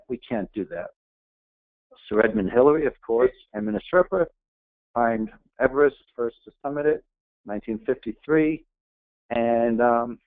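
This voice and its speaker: A man's voice: medium pitch, gravelly, no room sound. A middle-aged man giving an earnest, emphatic motivational talk as a guest speaker. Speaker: guest speaker, retired Navy SEAL. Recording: tinny phone-like, dry.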